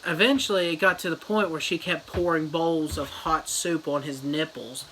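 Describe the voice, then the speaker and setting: A reviewer retelling a novel as a crude, rambling comedy summary with deadpan jokes. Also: mid-range voice, normal speed, a little hiss or hum, poor audio. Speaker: book reviewer.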